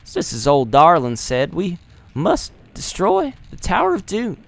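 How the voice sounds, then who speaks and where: A woman's voice: lowish voice, huge pitch swings, a little slow, gravelly, voice pushed up, exaggerated voice. A man voicing a huge, blunt female fighter in a game, with a put-on Southern drawl, saying "y'all" and "folks.". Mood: earnest. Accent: American Southern (put on).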